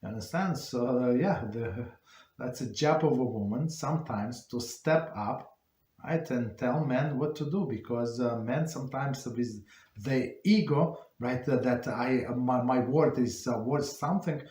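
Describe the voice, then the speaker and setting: A rabbi, a man, teaches an informal class, retelling stories in a halting, conversational way that keeps stopping to restart. His voice sits at an ordinary middle pitch. The recording has a roomy, echoing sound. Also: darkish tone. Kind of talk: informal Torah class talk. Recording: roomy echo.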